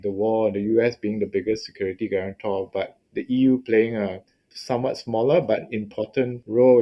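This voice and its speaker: A man's voice: lowish voice, lo-fi sound. A man hosting a policy interview, conversational and leading into his questions with anecdotes.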